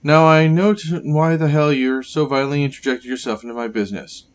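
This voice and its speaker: A man voicing a gaunt, sickly male scientist villain, reading game dialogue aloud in a grave, measured way. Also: a little high, lightly acted.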